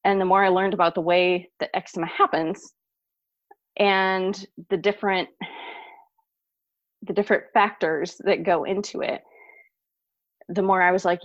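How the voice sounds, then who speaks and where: A woman in her thirties, a guest on an interview show, telling a personal story in an animated way with frequent laughs. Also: fairly low pitch, a little slow, pauses often, dry recording. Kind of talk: podcast interview. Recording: dull lo-fi dry sound.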